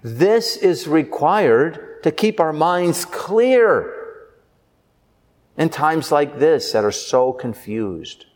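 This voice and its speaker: A priest preaching a sermon with earnest delivery, slowing down for emphasis. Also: male voice, a little high, sing-song, darkish tone, big-room sound.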